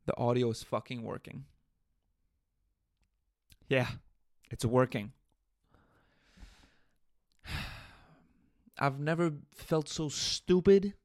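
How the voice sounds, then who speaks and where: A man hosting a casual solo podcast, telling a story in an animated, venting way with swearing. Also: mid-range voice, dry recording, clean studio sound. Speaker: podcast host. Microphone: USB interface podcast mic.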